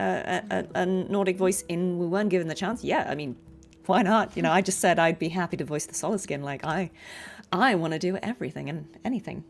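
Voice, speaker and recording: A woman's voice: on the low side, vocal fry. A British woman, a voice actor chatting casually on a game livestream, laughing often and with many fillers. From Britain. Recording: game music behind.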